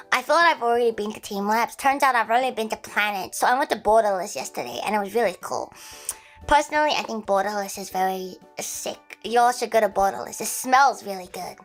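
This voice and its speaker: An Australian woman chatting casually on a livestream, playful and prone to shrieking, giggly laughs. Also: fairly high pitch.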